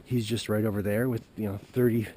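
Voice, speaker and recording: A man telling a hunting story as he walks a forest trail at dusk, recorded on a handheld camera, halting and folksy with lots of fillers. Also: fairly low pitch, level tone, mellow, a little hiss or hum, low-quality recording. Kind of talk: rambling walk-and-talk vlog. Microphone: handheld camera while walking.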